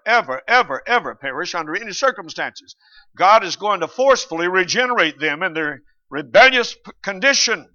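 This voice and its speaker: A man's voice: a little high, bright, forceful tone. A man preaching a sermon, arguing his points emphatically and quoting scripture, with his volume rising and falling. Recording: dull lo-fi recording.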